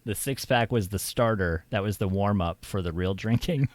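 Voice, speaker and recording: A man's voice: on the low side, moderate pace, no room sound. A man from Oklahoma hosting a stream, chatting casually with many fillers and laughs. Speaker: streamer host. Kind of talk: casual chat.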